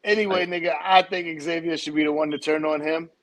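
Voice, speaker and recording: A man's voice: on the high side, fairly even intonation, brisk. A man co-hosting a casual wrestling podcast, teasing and laid-back, laughing often as he chats. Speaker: podcast co-host. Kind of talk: casual wrestling recap chat.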